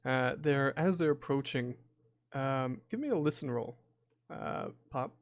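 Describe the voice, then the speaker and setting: A man running a tabletop horror game as game master, describing scenes slowly with frequent filler pauses. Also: medium pitch, dry recording, clean studio sound.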